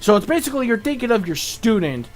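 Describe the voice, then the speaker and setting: A young man reviewing a cartoon episode in casual, rambling talk, excitable and profane, full of fillers, now and then mock-shouting in a high, exasperated voice. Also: fast, soft background music. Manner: rambling, excitable, swears a lot, fills with "like" and "you know".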